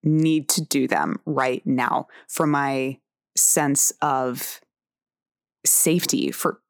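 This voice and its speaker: A woman's voice: extremely low pitch, steady tone, extremely slow, no room sound, clean studio sound. A woman in her forties hosting a personal tarot podcast, talking frankly and candidly, with swearing and laughs. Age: 40s. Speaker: podcast host.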